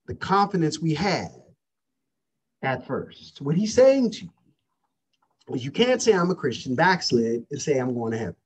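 A man's voice: a little high, big pitch swings, moderate pace, slightly rough. A man preaching a sermon, calling out questions to his congregation. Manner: preaching with call-outs to the congregation. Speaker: pastor.

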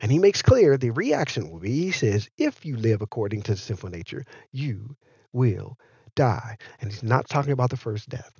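A male pastor preaches with a lively, rising and falling delivery and keeps checking that his listeners follow. His voice is a little husky, recorded dry and slightly dull. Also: mid-range voice, fairly quick, dry recording. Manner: animated preaching, asks the listeners questions. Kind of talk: sermon.

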